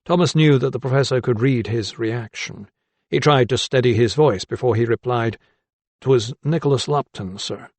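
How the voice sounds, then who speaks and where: Man, audiobook narration, calm even delivery, medium pitch, dry close sound. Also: normal speed, dry recording. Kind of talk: scripted narration.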